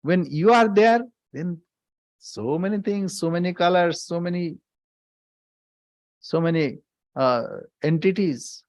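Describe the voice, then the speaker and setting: A man, a swami, giving a scripture class, speaking deliberately, repeating key phrases for emphasis and chanting verses. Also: high voice, a little mellow, no echo.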